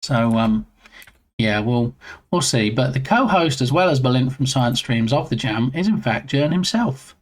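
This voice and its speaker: A man's voice: mid-range voice, expressive, measured pace. Chatty man streaming live. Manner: rambling, chatty, greets viewers by name. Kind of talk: casual live-stream chat.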